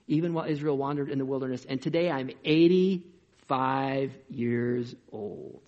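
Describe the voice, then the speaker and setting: A man voicing a vigorous, eager old man of eighty-five who speaks loudly and declaims, in a dull lo-fi recording. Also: mid-range voice.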